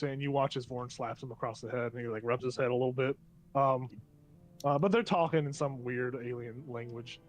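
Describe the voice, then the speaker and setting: Meandering man narrating as game master. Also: medium pitch. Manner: loose, meandering scene description.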